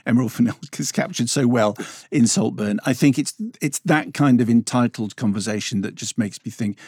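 A middle-aged man in casual chat, talking haltingly with many fillers and restarts. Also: medium pitch, a little mellow, slightly rough, dry recording, clean studio sound. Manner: hesitant, halting with frequent fillers.

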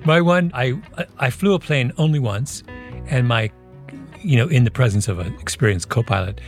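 A man's voice: medium pitch, moderate pace, faint music behind. Podcast guy, mid voice, chatty, laughs a lot, volume jumps around. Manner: animated, laughing, shifting volume. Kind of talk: casual conversational podcast.

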